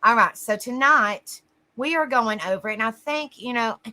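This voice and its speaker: Bright-voiced woman greeting her livestream chat. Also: on the high side, moderate pace. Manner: warm greetings to chat viewers, calling them honey. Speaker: livestream host.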